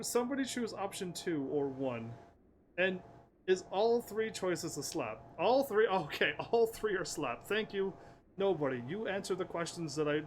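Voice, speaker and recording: A man's voice: high-pitched, slight background noise. Playful man streaming a game. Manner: playful, laughs often, reads game lines aloud. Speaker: gaming streamer. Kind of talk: casual let's-play commentary, reading dialogue aloud. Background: game music.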